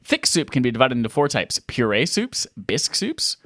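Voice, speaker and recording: A podcast co-host in casual chat, an animated, mock-dramatic storyteller talking from home over a video call. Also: mid-range voice, normal speed, dry recording, studio quality.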